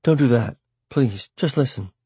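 A man's voice: medium pitch, animated, measured pace, mellow, husky, no room sound, pitched above the performer's own voice. A man reading an audiobook voices an earnest young woman who pleads in an urgent, coaxing way. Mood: pleading. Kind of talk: audiobook character voice.

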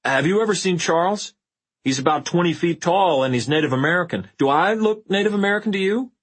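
A man's voice: sits high, expressive, brisk, slightly rough, pitched above the performer's own voice. A man reading aloud, voicing a frightened male werewolf who babbles in a shaky voice. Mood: panicked. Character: panicking cowardly young male werewolf.

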